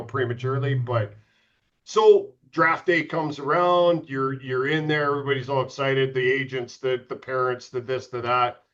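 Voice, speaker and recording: A man's voice: medium pitch, a bit bright, dull audio. A middle-aged man, a former pro goalie, telling candid, profane stories as a podcast guest. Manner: profane, candid, self-mocking. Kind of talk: casual storytelling.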